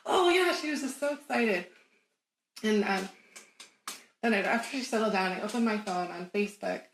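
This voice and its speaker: A woman guest on an interview show, telling a personal story in an animated, emphatic way and laughing often. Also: medium pitch, normal speed. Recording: roomy echo.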